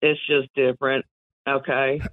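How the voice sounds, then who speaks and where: A woman's voice: extremely low pitch, flat delivery, normal speed. Affectionate woman caller on a tinny phone line. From Louisville, Kentucky. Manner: affectionate, gently scolding, calls host sweetheart. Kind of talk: phone-in chat.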